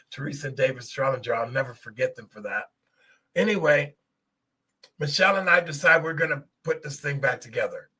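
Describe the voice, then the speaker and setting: A middle-aged man hosts a podcast and tells a personal testimony straight to his listeners. His voice sits a little high, very bright and husky, and his delivery is earnest and emotional. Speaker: podcast host.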